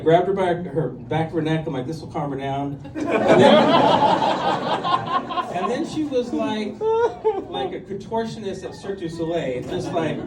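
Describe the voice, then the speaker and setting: A man's voice: high voice, noisy background. Man doing stand-up in an echoey club. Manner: conversational, self-deprecating, lots of filler ums and likes. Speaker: stand-up comedian. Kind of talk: stand-up comedy set. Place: comedy club stage with audience. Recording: echoey club room recorded from a distance. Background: audience laughter and room ambience.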